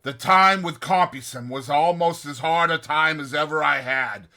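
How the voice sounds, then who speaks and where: A man voicing a rough old male convict who tells his past in rough, ungrammatical old-fashioned speech, read as an audiobook. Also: fairly high pitch, moderate pace, sharp tone. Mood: grim. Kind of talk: audiobook reading.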